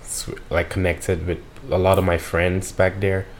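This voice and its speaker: A man with a British accent blended with North American sounds speaks hesitantly in a casual podcast chat. His voice is very deep. A faint hiss of noise sits behind him. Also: little pitch movement, a little slow. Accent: British mixed with North American.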